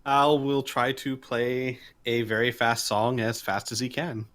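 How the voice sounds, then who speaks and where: A man takes part in a tabletop game, narrating what his character does in a calm, measured way. His voice is bright and mid-pitched. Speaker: player. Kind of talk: tabletop role-play, describing his character.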